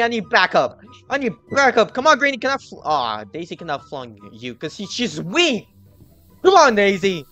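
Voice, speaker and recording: Animated guy yelling game commentary. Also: very high voice. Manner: animated, taunting the other players, often yelling. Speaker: gaming channel host. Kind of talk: excited gameplay commentary.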